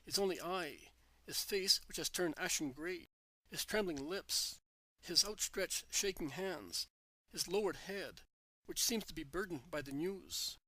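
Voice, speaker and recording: A man's voice: high-pitched, lively intonation, a little slow, sharp tone, dry recording. Earnest man reading a devotional text. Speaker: narrator.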